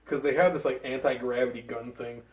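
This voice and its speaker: Brief: rambling, excited male co-host, medium pitch, recorded from a distance in a roomy space. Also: a little fast. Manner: excited, rambling with fillers and laughs. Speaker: movie review co-host. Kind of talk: casual chat. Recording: roomy, from off the mic.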